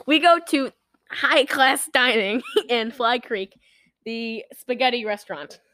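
A woman's voice: on the high side, expressive, takes it slowly, fairly bright tone. A woman co-hosting a casual movie recap, rambling, giggling and acting out lines from the film. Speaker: podcast co-host recapping a movie. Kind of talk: casual chat.

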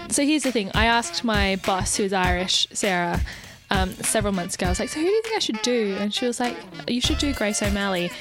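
A chatty woman co-hosts a podcast and tells a long story with easy laughs. Her voice sits at an ordinary middle pitch. Faint music plays under her. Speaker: podcast co-host. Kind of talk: casual chat.

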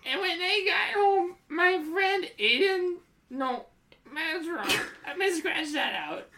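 A woman's voice: very high voice, lively intonation, slow pace, noisy background, voice pushed up, full character voice. A woman voicing her dramatic, tearful little schoolgirl sister, reading a diary aloud in breathless, sobbing bursts. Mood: whiny tearful.

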